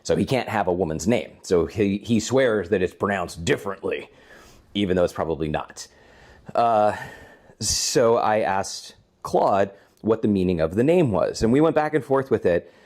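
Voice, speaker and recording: A man's voice: lowish voice, animated, moderate pace, a little mellow. A man co-hosting a gaming stream from home, telling long rambling stories in casual chat and chuckling often. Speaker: co-host of a gaming channel.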